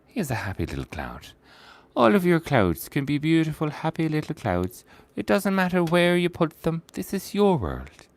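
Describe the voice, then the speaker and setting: A man putting on a soft, soothing voice of a gentle male TV painting teacher, encouraging viewers. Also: a little high, huge pitch swings, moderate pace, no room sound, pitched above the performer's own voice.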